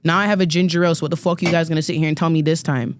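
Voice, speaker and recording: This guest panelist, a woman in her thirties, has a deep, steady voice and talks very fast, with a slight hiss or hum on the audio. On the podcast she rants hotly and profanely, repeating herself for emphasis and tripping over words as she gets worked up.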